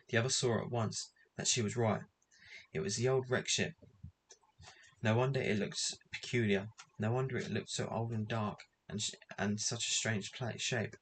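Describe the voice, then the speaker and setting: A man reading a children's adventure book aloud in an even, measured way. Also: on the low side, slight background noise. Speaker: reader.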